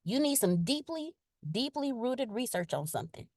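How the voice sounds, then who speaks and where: A woman's voice: a little high, normal speed, no room sound, studio quality. A woman speaking casually in a live leadership session, chatty and direct, reading out viewer comments with emphatic repetition. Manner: animated and playful, acts out quotes in exaggerated voices. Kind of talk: casual motivational talk.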